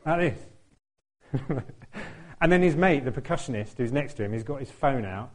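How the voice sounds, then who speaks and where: Lively man telling a story. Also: normal speed. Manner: animated, laughs often, acts out quotes in a higher voice. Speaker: tuba player telling a story. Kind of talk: anecdotal storytelling.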